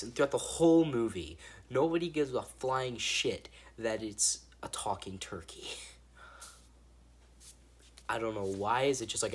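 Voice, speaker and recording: A man giving a casual, rambling movie review, swearing freely and restarting his sentences. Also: on the low side. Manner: rambling and profane, with frequent restarts.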